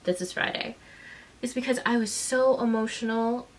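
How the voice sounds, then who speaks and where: Upset, indignant mother venting. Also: a little high. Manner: frustrated, indignant, halting with restarts. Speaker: mother and vlogger. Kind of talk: emotional personal vlog recounting.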